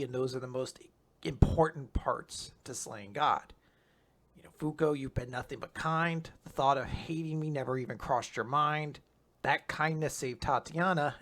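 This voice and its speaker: A man reading a weary, guilt-ridden male gunman's lines in a quiet, subdued, confessional way. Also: medium pitch, gravelly.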